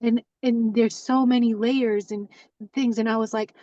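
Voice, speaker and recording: A woman's voice: fairly high pitch, unhurried, dry recording. Woman sharing on a dull, distant call. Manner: rambling, many fillers, animated self-talk. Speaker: community member sharing. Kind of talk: casual heartfelt sharing.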